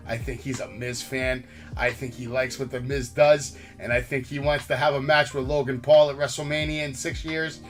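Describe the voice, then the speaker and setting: A man's voice: medium pitch, steady tone, moderate pace, soft background music. A man hosting a wrestling podcast, ranting in heated, profane casual chat. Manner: brash, heated, swears constantly. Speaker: podcast host.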